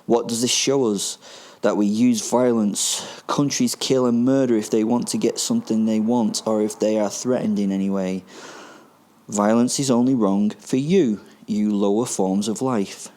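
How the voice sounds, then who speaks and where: A man's voice: on the low side, a little mellow. A man, hosting a podcast and delivering a sardonic, crude rant. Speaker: podcast host. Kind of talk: opinionated monologue.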